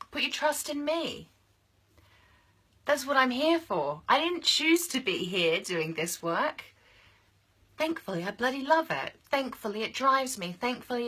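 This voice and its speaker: A woman's voice: fairly high pitch, fairly bright tone, husky. A young adult woman coaching other women in a passionate, emphatic motivational monologue, repeating phrases for force.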